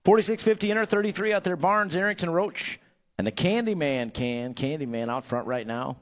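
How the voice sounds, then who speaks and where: A man's voice: a little high, a little fast, dull audio. A man calling a live bike race as the track announcer, upbeat and joking, giving riders playful nicknames.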